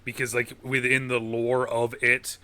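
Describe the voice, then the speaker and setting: A man's voice: medium pitch, monotone, unhurried, sharp tone. A man hosting a podcast, chatting casually about movies, rambling and swearing freely. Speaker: podcast host.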